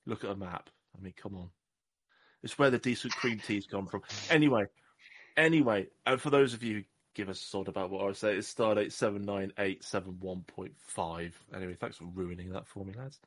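A southwest English man co-hosts a podcast in a lowish, fairly quick voice. He chats casually and rambles, often joking at his own expense.

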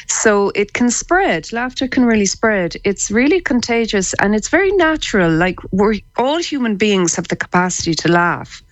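An Irish woman, a psychotherapist, explaining laughter therapy as a radio guest, enthusiastic and quick to laugh. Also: mid-range voice, dry recording, low-quality recording.

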